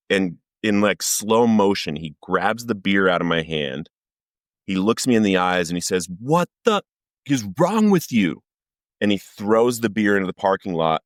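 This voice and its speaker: A man with a very deep, low voice tells his recovery story as a podcast guest. He speaks earnestly and vividly and acts out the lines he quotes. The sound is dry and close, with no room around it. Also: fairly bright tone, clean tone, dry recording. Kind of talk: personal recovery testimony.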